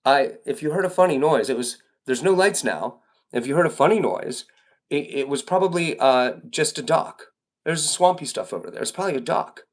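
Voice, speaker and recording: A man acting out a calm, fatherly friend who soothes his panicked companions in a retold story. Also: a little high, normal speed, natural voice. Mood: reassuring. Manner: soothing, dismissive, patient.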